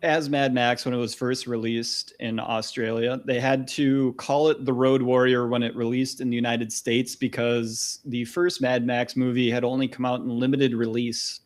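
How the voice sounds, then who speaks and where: A man's voice: medium pitch, flat delivery, normal speed, few pauses. A man hosting a podcast, explaining things in a friendly, casual way. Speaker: podcast host. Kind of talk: casual chat.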